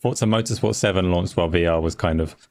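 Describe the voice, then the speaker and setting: Very deep gravelly male guest. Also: quick pace, darkish tone. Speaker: panel guest. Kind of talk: casual panel chat.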